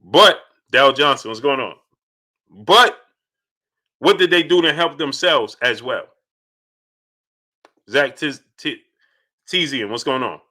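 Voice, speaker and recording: Bright, emphatic male live-stream host. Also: medium pitch, lively intonation, takes it slowly, long pauses. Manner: greets chat viewers by name between points; emphatic, repeats key points. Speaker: boxing channel host. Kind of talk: live-stream boxing talk.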